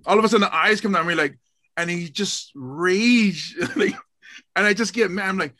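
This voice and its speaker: Hawaii guy comic, bright sharp voice, acts out his stories, dry close mic. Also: high voice, normal speed, no echo. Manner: animated storyteller, acts out his own lines. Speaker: guest comedian. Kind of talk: casual podcast chat.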